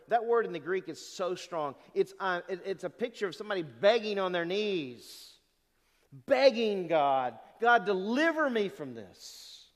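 Male pastor, high and animated delivery, sermon in a church with long reverb. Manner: animated preaching, rhetorical questions to the congregation.

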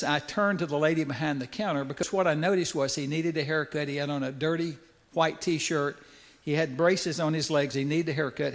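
An older man giving a folksy, conversational sermon story, with asides to the audience. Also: on the high side. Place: church sanctuary. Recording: echoey church hall.

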